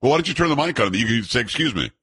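A man hosting a radio show, teasing his co-hosts in fast, rambling banter. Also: medium pitch, animated, a bit bright, husky.

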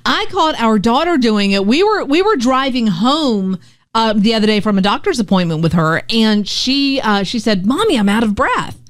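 A woman co-hosts a radio show in relaxed, casual conversation. Her voice sits a little high and swings widely in pitch as she tells stories in a chatty, animated way. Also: normal speed.

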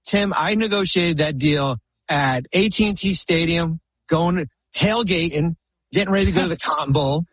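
A man's voice: fairly high pitch, normal speed, fairly bright tone, slightly rough, no echo. A man telling long, rambling anecdotes as a guest on a chat podcast, full of restarts and fillers. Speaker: podcast guest, former basketball executive. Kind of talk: casual storytelling chat.

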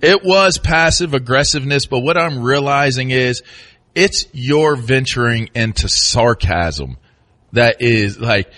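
A man's voice: mid-range voice, expressive, fairly bright tone. Laughing, ribbing sports radio man. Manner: ribbing, laughing, quick retorts. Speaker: radio co-host. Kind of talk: playful sports radio banter.

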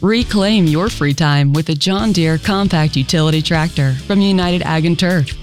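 A narrator reading a commercial in a smooth, upbeat voice-over style. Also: medium pitch, moderate pace, soft background music.

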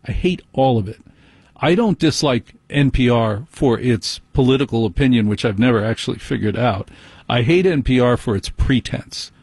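A man's voice: mid-range voice, moderate pace, darkish tone, husky, dry recording. A man hosting a talk radio show, ranting sarcastically and bluntly about things that annoy him. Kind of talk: opinionated talk radio monologue.

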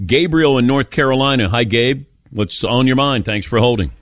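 A man's voice: medium pitch, moderate pace, no echo, studio quality. A middle-aged man hosting a call-in radio show in casual, joking chat. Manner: lively, joking, animated.

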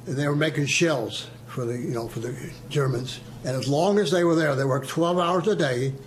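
A man's voice: a little high, moderate pace, a little hiss or hum. An older man casually reminiscing about his past, telling stories and acting out what others said. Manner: storyteller who acts out quoted voices and chuckles. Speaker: veteran interviewee.

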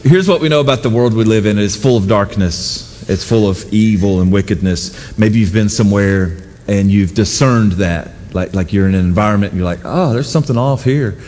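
A middle-aged man preaching a sermon as pastor, telling personal stories with self-deprecating humor and animated voices for the people he quotes. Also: lowish voice, a little fast, few pauses, in a large hall.

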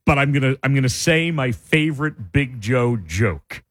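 A man's voice: mid-range voice, normal speed. A man co-hosting a radio show, telling stories in casual banter and often breaking into laughter. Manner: laughing storyteller, animated. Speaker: radio co-host. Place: radio studio.

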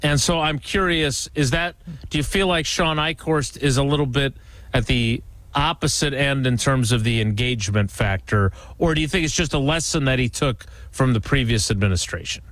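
A man's voice: mid-range voice, moderate pace, a bit bright, dry recording. A man hosting a sports talk show, asking long, rambling questions with fillers.

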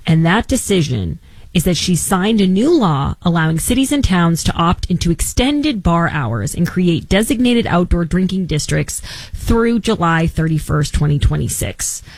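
A woman's voice: lowish voice, sing-song, normal speed, darkish tone, no echo, low-quality recording. A woman hosting a talk radio show from Massachusetts, chatting casually with frequent restarts and firm opinions.

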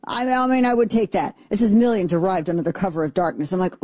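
An excitable young adult woman hosting a talk show, riffing sarcastically and acting out her own reactions. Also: mid-range voice, fast, few pauses, dry recording. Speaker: show host. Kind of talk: animated talk show commentary.

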